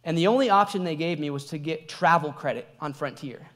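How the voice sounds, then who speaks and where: A young male pastor with a notably high-pitched voice, preaching in a relaxed, conversational way. He tells stories with animation and the odd laugh, easy and personable rather than formal. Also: brisk. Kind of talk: sermon with personal story.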